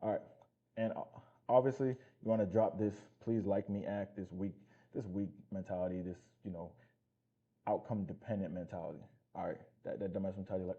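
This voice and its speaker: Male fitness coach, deep dark husky voice, blunt and profane motivational talk. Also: steady tone, fast, lo-fi sound. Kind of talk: casual motivational talk to camera.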